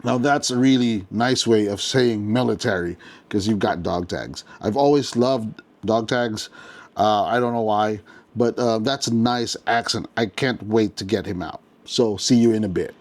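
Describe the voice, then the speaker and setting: A man's voice: on the low side, a little slow. A man giving casual unboxing commentary as a toy reviewer, chatty and enthusiastic, often restarting his sentences.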